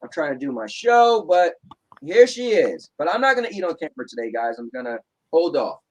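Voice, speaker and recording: Blunt New Jersey man, high voice. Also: very animated, a little fast, low-quality recording. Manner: blunt, sarcastic, repeats "right?". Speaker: show host. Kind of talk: casual chat. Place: home.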